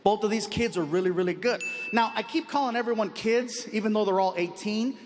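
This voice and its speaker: A man in his late thirties telling stand-up stories in an animated, loud, playful way on a large theater stage. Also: sits high, brisk. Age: 30s. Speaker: stand-up comedian. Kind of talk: stand-up storytelling. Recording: echoey hall with crowd noise.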